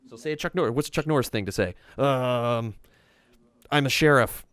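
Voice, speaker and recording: A man's voice: mid-range voice, clean tone. A man hosting a board game stream, chatting casually and joking playfully between turns. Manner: joking, playful, quick to laugh. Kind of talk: casual chat while playing a board game.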